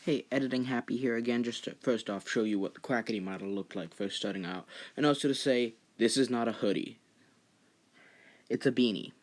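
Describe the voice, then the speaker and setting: A man's voice: medium pitch, brisk. A young man recording casual voice-over asides to his own video, sheepish and hesitant, poking fun at his own mistakes. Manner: sheepish, self-deprecating, hesitant with fillers. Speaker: channel host adding edit commentary.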